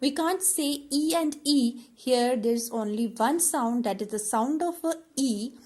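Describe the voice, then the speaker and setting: A woman teacher, slowly explaining a classroom activity with many fillers and repeated words. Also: sits high, a little mellow.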